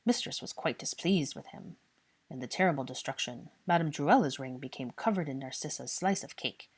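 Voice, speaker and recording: A woman voicing a fussy, servile old male house elf who croaks and talks in odd third-person grammar. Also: sits low, normal speed.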